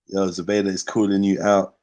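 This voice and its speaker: A man's voice: low-pitched, darkish tone. A man hosting a casual livestream, teasing his guests and laughing often. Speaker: livestream host.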